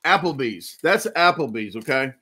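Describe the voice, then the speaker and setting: A man's voice: medium pitch, animated, normal speed, pushed and bright, slightly rough. A man in his forties with a Southern US accent, hosting a casual live chat and telling rambling, jokey stories. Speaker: livestream host.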